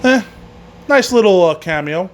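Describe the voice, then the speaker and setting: High-voiced man recapping wrestling, cursing freely. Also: lively intonation, a little slow, a little hiss or hum. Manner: profane, rambling, laughs at his own jokes. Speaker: podcast host.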